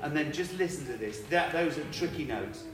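A man's voice: on the high side, lively intonation, brisk. A man directing a choir, counting the singers in and singing phrases to show them. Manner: friendly, apologetic, laughs often. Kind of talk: choir rehearsal instruction. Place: rehearsal hall. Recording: echoey room, far from mic, loud choir and piano.

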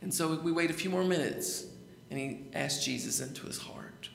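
A man's voice: on the high side, moderate pace, gravelly, a bit bright, slight background noise. A middle-aged man, a pastor preaching a sermon in church, repeating his phrases and calling for amens. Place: church sanctuary. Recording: echoey church hall.

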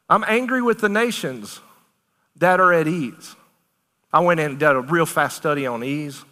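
A man with a bright, forceful voice preaches with passion, pressing hard on his points and then slipping into easy talk with his listeners. He sits a little high in his voice. The sound rings out with a long reverb, as in a large hall. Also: unhurried, long pauses. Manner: animated, emphatic, conversational preaching with Southern turns of phrase. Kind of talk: sermon.

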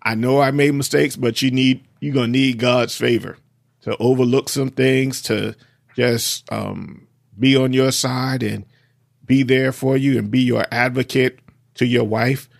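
A man speaks earnestly on a faith-based podcast, working scripture into his talk in a preacherly way. His voice has a gravelly, fry-laden edge at a middling pitch. The sound is close and dry. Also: steady tone, a little slow, no echo. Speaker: podcast co-host.

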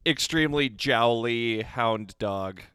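A man co-hosting a casual podcast, animated and wry, often laughing through his asides. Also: medium pitch, slow, clean tone, dry recording, studio quality. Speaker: podcast co-host. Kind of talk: casual chat.

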